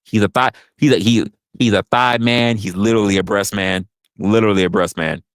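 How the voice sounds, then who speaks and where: A man's voice: fairly low pitch, steady tone, brisk, dry recording. A man hosting a talk show, ranting in a profane, emphatic way and repeating his points. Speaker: podcast host. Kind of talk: opinionated casual rant.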